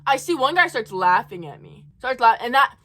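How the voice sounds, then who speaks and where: A woman's voice: on the high side, sing-song, normal speed, fairly bright tone. A young woman in college telling a profane, heated storytime rant in her own rambling way. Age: young adult. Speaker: college student vlogger.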